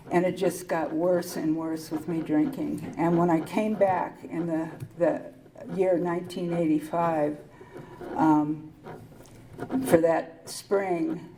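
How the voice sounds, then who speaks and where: An older woman speaking candidly at a recovery meeting, telling her personal story in a wry, halting way with pauses and restarts. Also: lowish voice, recorded from a distance, noisy background.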